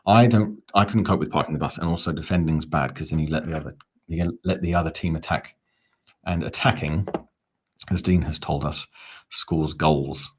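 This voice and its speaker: Football fan host, male, deep voice, chatty live-stream commentary, reads the chat with wry asides. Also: moderate pace, a little hiss or hum.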